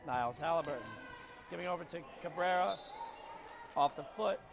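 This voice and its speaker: Raspy, excitable basketball play-by-play man. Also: a little high, fairly quick. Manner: excitable, shouts on big plays. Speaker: play-by-play commentator. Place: arena skybox. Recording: noisy arena broadcast feed. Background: arena ambience, ball bouncing.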